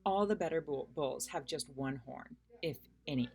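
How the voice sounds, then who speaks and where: A woman voicing a bold, cheeky, fearless little girl while reading a children's book aloud, with a playful, lively delivery. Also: low voice, moderate pace, creaky. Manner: playful, lively, shifts between shrieks and hushed whispers.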